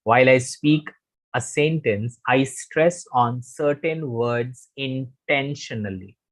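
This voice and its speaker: An English communication coach with an Indian English accent teaches a live online lesson in a medium-pitched voice, taking things slowly. He speaks emphatically, repeats key phrases and quizzes his students.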